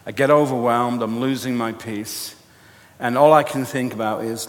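A man preaching a sermon, telling a personal story with animated, self-mocking humor. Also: mid-range voice, moderate pace. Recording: long hall reverb.

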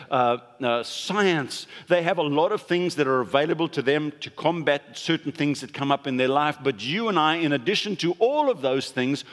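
A man's voice: fairly high pitch, fairly bright tone. A man pastor giving a conversational sermon, leaning hard on stressed words for emphasis. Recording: long hall reverb.

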